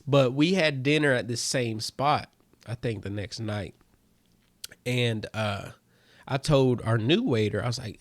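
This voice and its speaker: A man telling a rambling comic story in a casual way, his voice jumping high when he gets excited. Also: measured pace, dry recording. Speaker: comedian host.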